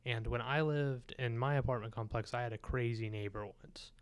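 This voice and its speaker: A man's voice: mid-range voice, normal speed, smooth. A man co-hosting a film podcast, telling stories and joking in casual chat. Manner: storytelling, joking. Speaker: podcast co-host.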